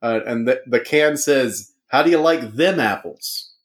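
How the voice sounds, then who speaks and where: Over a remote call recording, a man with a medium-pitched voice and a measured pace hosts a casual comedic podcast. He jokes around and does his intro in a sportscaster style.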